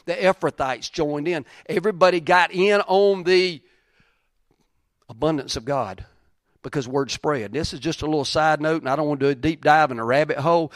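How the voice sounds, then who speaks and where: A man's voice: medium pitch, dry recording, clean studio sound. A man preaching a sermon, reading old-style scripture aloud and repeating key lines for emphasis.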